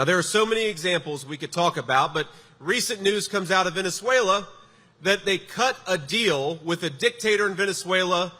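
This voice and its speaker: A man stirs up a crowd with a campaign rally speech, his voice bright and sitting high for a man. He hits lines with emphatic force and slips in sarcastic asides. The sound carries a long hall echo with faint noise underneath. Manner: emphatic, punchy delivery with sarcastic jabs. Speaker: political candidate at a rally. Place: large rally venue before a crowd.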